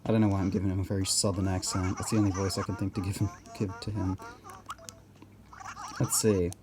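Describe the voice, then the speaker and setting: A man's voice: sits low, flat delivery, brisk, a little mellow, soft background music. A man giving casual gameplay commentary, rambling and hesitant with many restarts.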